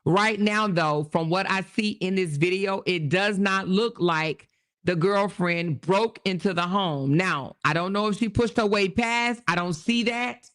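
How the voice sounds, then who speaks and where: A woman's voice: medium pitch, a little slow, a bit bright. Woman, host, casual commentary, conversational, repeats points, checks in with viewers. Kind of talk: casual commentary on a news story.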